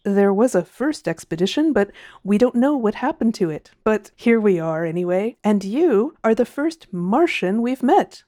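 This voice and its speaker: A woman voicing a cheerful, pompous male spaceship captain in an audiobook reading, speaking slowly and loudly with overly hearty emphasis. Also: medium pitch, big pitch swings, no room sound, studio quality, natural voice.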